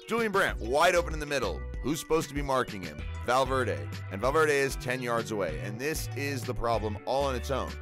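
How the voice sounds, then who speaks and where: A man narrating a football tactics breakdown over match footage, explaining plays in a conversational, explanatory way. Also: on the low side. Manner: conversational, explanatory, animated at key moments.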